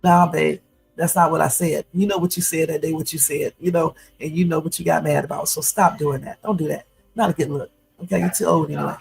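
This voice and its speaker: A woman's voice: low voice, fairly even intonation, fairly quick, gravelly, breathy edge, soft background music, low-quality recording. A woman in her fifties hosting a casual livestream from home, chatty and full of fillers, turning blunt and confrontational. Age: 50s. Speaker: YouTube livestream host.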